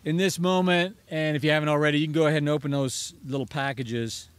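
A man's voice: fairly high pitch, steady tone, fast, clean tone, no room sound. A man preaching a sermon as pastor, earnest and rising to emphatic pleading on key phrases.

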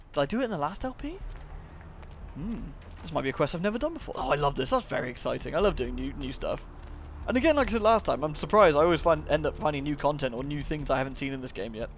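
A man's voice: fairly high pitch, lively intonation, fairly quick, a little hiss or hum. A man giving casual, cheeky gameplay commentary, full of self-mocking asides. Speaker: let's play commentator.

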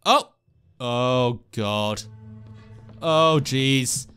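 A man giving lively, jokey gameplay commentary as a let's play host, talking to the characters on screen. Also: mid-range voice, drawn-out words, smooth, faint music behind. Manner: excitable, jokey, talks to the game characters.

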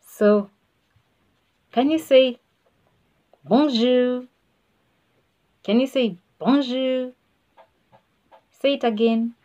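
A woman's voice: high-pitched, slow, long pauses, warm tone. A woman teaching a beginner language lesson, patient and repeating words for the learner to follow. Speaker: French teacher. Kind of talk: slow spoken language lesson.

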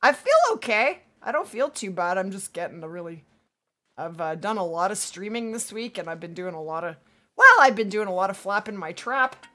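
A lively woman livestreams a game and chats casually with viewers, her medium-pitched voice hoarse-edged because she's losing it. She's upbeat and chatty, reads chat aloud, and laughs easily.

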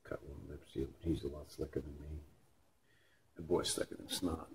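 A man's voice: extremely low pitch, little pitch movement, moderate pace. A Canadian man with a Canadian accent rebuilding a transmission in his repair shop, talking casually with blunt jokes and swearing. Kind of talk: casual shop talk while working. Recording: noisy shop recording.

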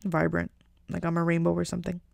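A woman's voice: lowish voice, monotone, fast, gravelly, a little mellow, dry recording, studio quality. A woman from the United States hosting a casual solo podcast. She rambles through jokey tangents, with plenty of "like" and "you know.". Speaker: podcast host.

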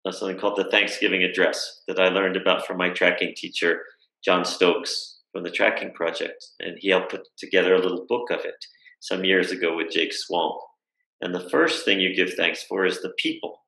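Deep gravelly-voiced man telling a story. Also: level tone, normal speed, bright, forceful tone, roomy sound, rough recording. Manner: thoughtful, with frequent fillers and rhetorical "right?". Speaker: guest speaker. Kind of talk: reflective storytelling conversation. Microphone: video call.

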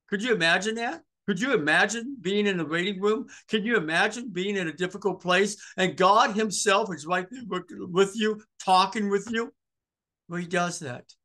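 A pastor from Maine preaching a sermon in a church, swinging from loud emphatic calls to hushed, tender passages and repeating phrases for emphasis. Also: male voice, sits high.

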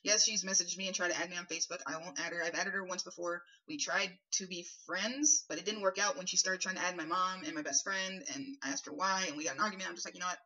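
Brief: man in his twenties, sharp bright tone, blunt and indignant, dull lo-fi sound. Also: high-pitched, fairly even intonation, fast, few pauses. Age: 20s. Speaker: vlogger. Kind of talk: defensive vlog rebuttal. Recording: dull lo-fi recording.

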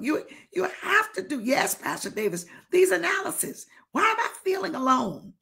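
A woman's voice: very high voice, big pitch swings, moderate pace, vocal fry, pushed and bright. A woman bishop preaching a fervent sermon, firing rhetorical questions and calling out to listeners, sometimes dropping to a whisper.

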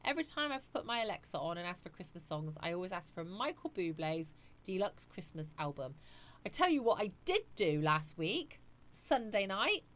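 A woman's voice: on the low side, sing-song, moderate pace, fairly bright tone. Chatty woman reading live chat. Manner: chatty, reads viewer comments aloud. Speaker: live stream host.

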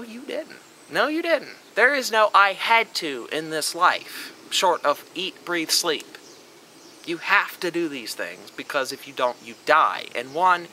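On his vlog, a young man lectures emphatically in a bright, strained, rather high voice, swearing freely as he pushes his opinion. The recording is low quality, with slight background noise.

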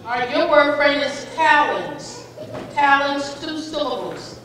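A woman with a high, bright voice announces spelling words at an unhurried pace, spelling out each definition and example sentence carefully. She sounds far from the microphone in a big echoey hall with a long reverb tail and faint background noise. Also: animated. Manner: slow, deliberate, encouraging, calls contestants "friend". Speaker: spelling bee pronouncer. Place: school auditorium.

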